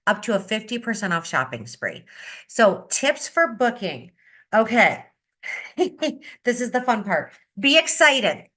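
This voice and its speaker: Bright upbeat woman coaching on a call. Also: on the high side, unhurried. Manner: upbeat, energetic, repeats key advice. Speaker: beauty consultant leading a sales training. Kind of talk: coaching talk on a video meeting. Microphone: video call.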